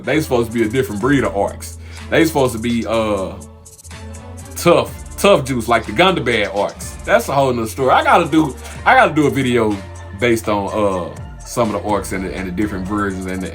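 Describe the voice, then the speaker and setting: A man in the middle pitch range rambles through a TV episode recap in a loose, animated way, stopping and restarting his thoughts as he goes. Faint music plays underneath his voice. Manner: animated, loose and conversational with many fillers and restarts. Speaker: TV recap host. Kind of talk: casual spoken TV episode review.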